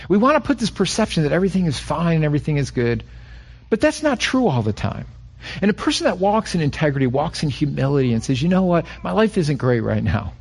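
A middle-aged man preaching a sermon as a pastor, animated, acting out little scenes and often repeating his words. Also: on the high side, slightly rough.

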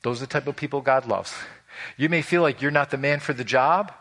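A male pastor preaching a sermon in an animated way, asking the congregation questions. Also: mid-range voice, a little fast.

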